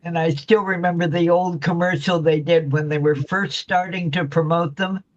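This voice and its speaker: A man in a casual chat, relaxed and telling stories slowly. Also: on the high side, soft background music. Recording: muffled lo-fi audio.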